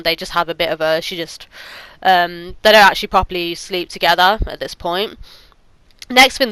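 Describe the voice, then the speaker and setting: A woman's voice: medium pitch, fairly bright tone, no echo, poor audio. A woman giving a casual, rambling spoken movie review, often stopping to search for words.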